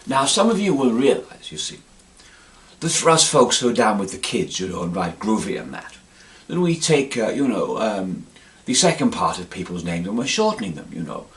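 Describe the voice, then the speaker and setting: A man's voice: fairly low pitch, sing-song, normal speed. A middle-aged man from England delivering a rambling, pompous comic monologue, forever adding "you see". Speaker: comedic monologue performer.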